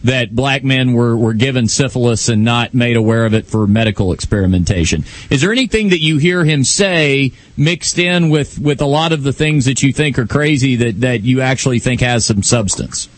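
A man hosting a radio call-in, asking a caller probing, measured questions. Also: mid-range voice, no echo. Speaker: radio host. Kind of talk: interview questions.

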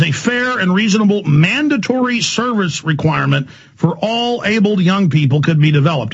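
A man hosting a talk radio show, ranting angrily in a heated monologue with a gravelly, husky voice. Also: fairly high pitch. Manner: ranting, angry, rapid-fire. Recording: dull lo-fi broadcast audio.

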